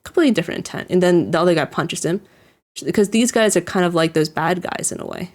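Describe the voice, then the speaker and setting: A woman speaks fast and expressively in a lowish voice, casually reacting to an anime episode. Her commentary meanders with lots of "like" and restarts, punctuated by chuckles as she describes scenes.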